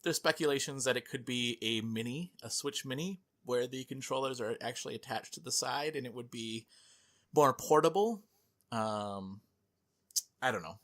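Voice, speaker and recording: A man's voice: mid-range voice, normal speed, fairly bright tone. A man hosting a gaming podcast in casual chat, chatty and filler-heavy, laughing often. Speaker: podcast host.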